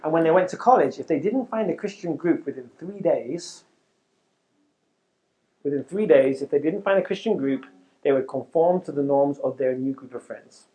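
A middle-aged man who leads a youth ministry, giving an animated, conversational talk to youth workers in front of a live audience. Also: a little high, moderate pace.

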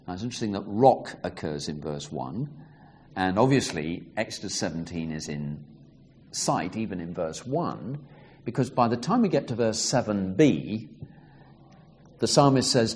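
A man with a fairly low voice gives a teaching talk on reading scripture. He explains in a measured, deliberate way, and his pitch moves a lot as he reads passages aloud with emphasis. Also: lively intonation, a little mellow. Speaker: Bible teacher.

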